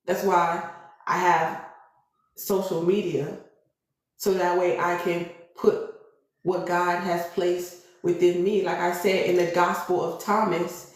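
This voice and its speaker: A woman's voice: lowish voice, flat delivery, slow pace. A woman giving a live-streamed tarot reading, preachy and emphatic, often checking in with her listeners with "okay?". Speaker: tarot reader. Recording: very echoey room.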